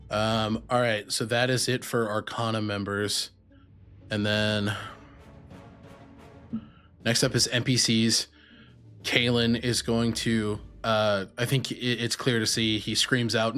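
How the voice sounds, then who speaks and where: Slow, easygoing game master, man. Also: lowish voice, flat delivery, bright, forceful tone, smooth, soft background music. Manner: unhurried, casual rules narration. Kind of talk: running a tabletop game session.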